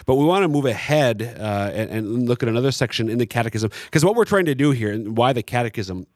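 A man co-hosting a Catholic teaching talk, explaining in a halting way with many restarts and fillers. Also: medium pitch, expressive, a little mellow, dry recording, clean studio sound. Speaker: Catholic catechism teacher, co-host.

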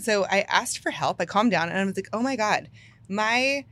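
A woman telling a personal story in a casual podcast chat, animated and full of "like" fillers, laughing often. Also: medium pitch, normal speed.

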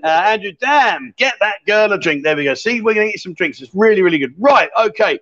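Fast-talking high-voiced man hosting a stream. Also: lively intonation, bright, forceful tone. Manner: teasing, jokey, quick banter. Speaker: live-stream host. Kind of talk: joking live-stream chat. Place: bar club. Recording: dull lo-fi sound.

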